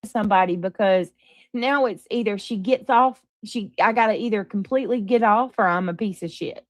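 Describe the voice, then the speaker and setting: Woman streamer host, emphatic and defensive, mid pitch, dry close sound. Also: moderate pace, dry recording. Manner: emphatic, defensive, talking to chat. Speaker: livestream host. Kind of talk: livestream chat.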